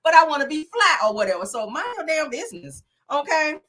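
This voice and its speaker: A woman putting on a brassy, high-pitched annoyed woman. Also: very animated, brisk, a bit bright. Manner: brassy, cussing, mocking. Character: brash sassy woman mocking a nosy friend.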